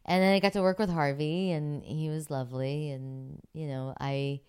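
Middle-aged actress from Pittsburgh, chatty interview guest, very deep and smooth for a woman. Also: steady tone, moderate pace, a little mellow. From Pittsburgh, USA. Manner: chatty, many fillers, laughs often. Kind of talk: relaxed interview storytelling.

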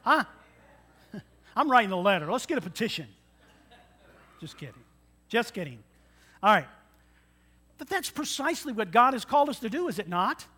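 A man's voice: sits high, sing-song, normal speed, pauses often, bright, forceful tone, husky. A man preaching a sermon, earnest and folksy, often putting questions to the congregation. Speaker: pastor.

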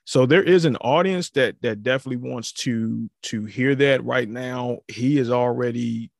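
A man's voice: medium pitch, normal speed, vocal fry, no echo. A young adult man hosting a podcast, chatting loosely and rambling with many fillers on a close mic. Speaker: podcast host. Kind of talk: casual chat.

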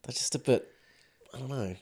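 A man's voice: medium pitch, normal speed, mellow, slightly rough. A man co-hosting a podcast in casual chat, laid-back and dry, often chiming in with short remarks. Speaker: podcast co-host.

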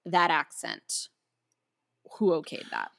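A woman's voice: sits low, huge pitch swings, slow, creaky, sharp tone. Chatty woman podcast co-host. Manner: enthusiastic, talks in long run-on thoughts. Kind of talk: casual chat.

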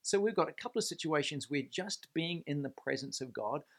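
A man's voice: fairly high pitch, expressive, fairly quick. A man giving a faith-based leadership talk to camera, earnest and emphatic, stressing points by repeating words and posing rhetorical questions. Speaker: Christian leadership speaker.

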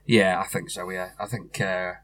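A man's voice: low voice, steady tone, normal speed, crowd noise. A man co-hosting a podcast, chatting casually and jokily with many restarts. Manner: chatty, jokey, stumbling restarts. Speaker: podcast co-host. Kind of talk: casual chat.

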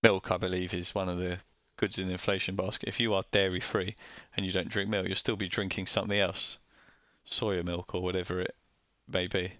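A man's voice: sits low, level tone, a little fast, a bit bright, no echo. Northern English man explaining plainly. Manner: plain-spoken, joking, explains simply. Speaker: co-host. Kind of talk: casual explanatory chat.

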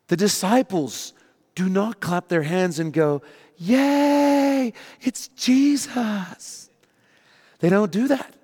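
A man preaching a sermon, telling the story with lively, animated delivery. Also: fairly high pitch, in a large hall. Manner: animated storytelling, acting out panicked voices. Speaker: pastor.

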